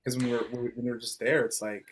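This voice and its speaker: A man co-hosting a podcast in casual chat, halting and hesitant, often pausing with "um" and restarting sentences. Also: medium pitch, little pitch movement, a crowd in the background. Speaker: podcast co-host.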